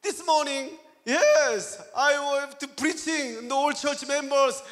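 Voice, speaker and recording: Korean-accented guest pastor guy, english his second language, really high voice, slow animated storytelling with lots of laughs, big echoey church hall. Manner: animated storytelling, acts out own quotes, laughs often. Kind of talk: sermon with personal story. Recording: long church hall reverb.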